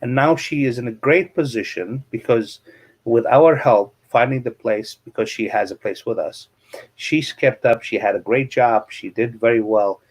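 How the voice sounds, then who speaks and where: A man's voice: mid-range voice, moderate pace, slightly rough. A middle-aged man, a real estate coach and interview guest, telling anecdotes and explaining money matters with plain examples.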